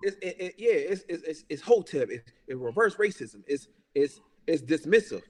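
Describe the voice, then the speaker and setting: A man's voice: a little high, sing-song, normal speed, a little mellow, big-room sound. A man ranting in a heated, casual podcast chat. He is profane and emphatic, repeats himself and keeps saying "bruh". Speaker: podcast talker.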